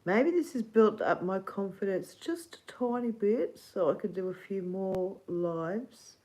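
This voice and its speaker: Slow-talking Australian woman, rambling. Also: medium pitch, expressive, warm tone, low-quality recording. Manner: rambling, giggly, swears casually. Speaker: livestream host. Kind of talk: casual rambling livestream chat.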